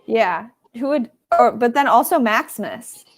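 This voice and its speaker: A woman chatting casually over a video call during a movie watch-along, bubbly and full of "like" and quick recommendations. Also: a little high, expressive.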